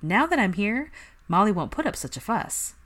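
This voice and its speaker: A woman's voice: medium pitch, very animated, a bit bright, pitched above the performer's own voice. A woman voicing a clever, playful young woman, close to her own voice. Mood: teasing. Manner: playful, brisk.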